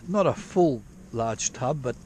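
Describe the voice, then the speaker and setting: At an outdoor dig site in the drizzle, a man vlogs about prospecting for gold in an animated yet slow manner, his voice medium-pitched and darkish. A faint hiss or hum sits under his casual, profane rambling, which is full of restarts.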